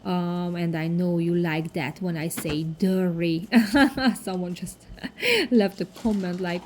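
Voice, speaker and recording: A woman in her thirties with a foreign accent, narrating her cleaning vlog in a casual voice-over with halting, non-native phrasing and many fillers. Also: lowish voice, darkish tone, a little hiss or hum. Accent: foreign accent in English. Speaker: cleaning vlogger.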